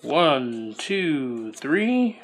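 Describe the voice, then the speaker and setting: A man's voice: a little high, very animated, very slow. A man casually reading out trading card text as he opens booster packs, musing aloud between cards. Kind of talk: casual unboxing commentary.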